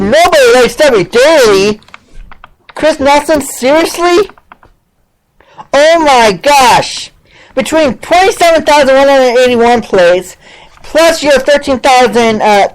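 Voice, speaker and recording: A woman hosting an online talk show rants over a played clip, mocking a rival with sarcastic, exclaiming commentary. Her voice is high-pitched and the recording is rough.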